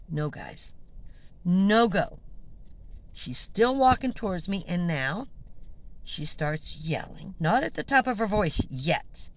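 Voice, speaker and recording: Animated woman vlogger telling a story. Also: on the low side, slow, rough recording. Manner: animated, indignant retelling. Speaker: van-dwelling vlogger. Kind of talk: casual storytelling to camera.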